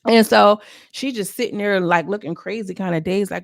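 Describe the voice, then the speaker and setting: A chatty woman reviewing reality TV in a sassy, gossipy way, speaking right to her audience. Her voice has a gravelly fry at the edges. The sound is dry and close, with no room around it. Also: mid-range voice, moderate pace, no echo. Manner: chatty and sassy, talks straight to viewers. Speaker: YouTuber reviewing a reality show. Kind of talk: casual gossipy commentary.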